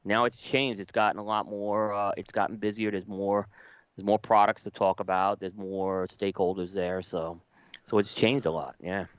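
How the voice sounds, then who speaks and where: A man's voice: lowish voice, flat delivery, moderate pace, smooth, no echo. A man co-hosting a podcast, speaking casually and emphatically. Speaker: podcast co-host. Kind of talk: casual chat. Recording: dull lo-fi sound.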